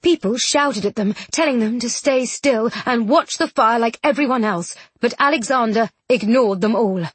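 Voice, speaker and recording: A woman narrating a novel in an expressive, dramatic audiobook reading. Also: fairly high pitch, moderate pace, few pauses, slightly rough, no echo.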